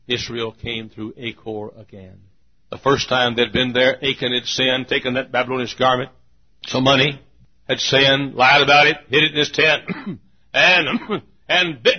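A man preaching a sermon who swings between shouted peaks and hushed, drawn-out lows, often clearing his throat. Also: muffled recording. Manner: frequent throat clearing and coughs.

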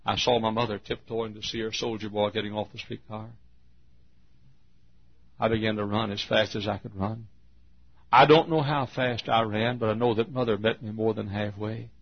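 A man in his fifties from Texas preaching a sermon, telling a long personal story in an earnest, drawn-out way. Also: lowish voice, flat delivery, slightly rough. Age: 50s. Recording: dull lo-fi sermon recording.

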